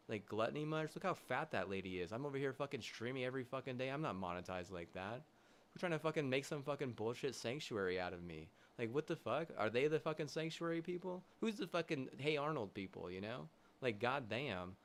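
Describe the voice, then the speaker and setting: A young man streaming live, ranting angrily with constant swearing, halting restarts and loud agitated bursts. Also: mid-range voice, expressive. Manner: heated, profane, swearing constantly; halting restarts, trailing fillers. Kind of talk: angry livestream rant.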